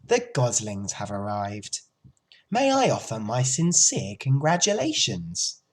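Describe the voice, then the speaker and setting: A man's voice: medium pitch, wildly swooping pitch, slow, heavily acted. A man voicing a polite, formal female spider making a gracious announcement in a storybook reading.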